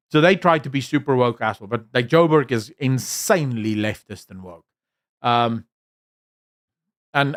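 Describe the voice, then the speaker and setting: Blunt man streaming. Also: on the high side. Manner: blunt, rambling, with many fillers and restarts. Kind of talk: casual opinionated livestream chat.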